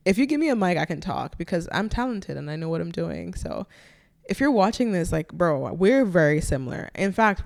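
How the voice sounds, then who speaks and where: A woman's voice: sits low, creaky, a little mellow. A woman in her twenties hosting a solo podcast, talking candidly and rambling, with casual swearing. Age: 20s. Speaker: podcast host.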